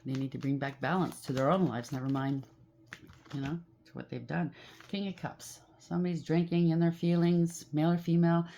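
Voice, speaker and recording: Woman, deep voice, blunt casual tarot reader, repeats for emphasis, faint noise in the background. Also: steady tone, brisk, warm tone, lo-fi sound. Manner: emphatic, repetitive, blunt judging tone.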